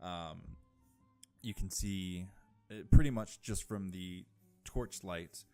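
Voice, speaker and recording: Male game master, low voice, unhurried narration with fillers, faint music behind. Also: darkish tone.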